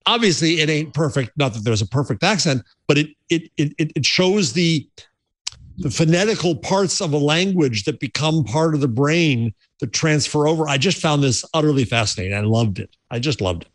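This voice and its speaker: A man's voice: fairly high pitch, normal speed, dry recording. A man co-hosting a tech podcast, chatting casually and telling stories with lots of restarts. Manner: animated storyteller, restarts phrases. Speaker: podcast co-host.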